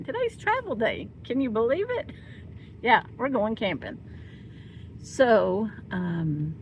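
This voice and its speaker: A woman's voice: medium pitch, highs cut off. A woman vlogging from inside a vehicle and cooing at her dogs in baby talk. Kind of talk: casual vlog chat. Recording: loud vehicle noise behind.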